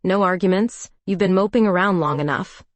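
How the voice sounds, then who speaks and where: A woman's voice: fairly low pitch, fairly quick, no echo, natural voice. A woman putting on Sarah, a bossy teasing best friend. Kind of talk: storybook dialogue.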